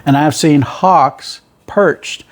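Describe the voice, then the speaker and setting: A middle-aged man with a rural Southern American twang speaks in a fairly high pitch, drawing out his words. He is a truck driver and the channel's host, sharing road stories in a rambling, folksy way. The talk is a casual storytelling monologue.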